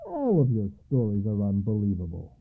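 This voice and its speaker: A man voicing an indignant farmer who scolds loudly, on a tinny radio broadcast. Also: on the low side, wildly swooping pitch, normal speed, creaky, heavily acted. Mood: scoffing. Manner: shouting, scolding.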